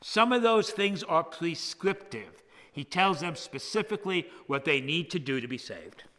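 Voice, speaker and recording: An older man, a priest who was once a hospital chaplain, preaching a measured, emphatic sermon that drops to a hush on key words, in a church. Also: fairly high pitch. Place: church sanctuary. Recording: long church reverb.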